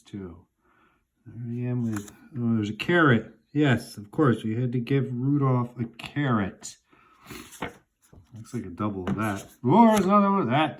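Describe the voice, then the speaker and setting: A man in his forties calmly reminiscing to himself as he looks through old family photos. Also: medium pitch. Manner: unhurried, musing, talks half to himself. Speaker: vlogger looking through childhood photos. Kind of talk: casual reminiscing monologue.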